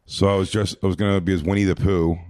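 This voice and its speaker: A man's voice: low voice, little pitch movement, quick pace, a little mellow. A man telling a long, rambling, profane story in a casual chat, full of fillers and restarts.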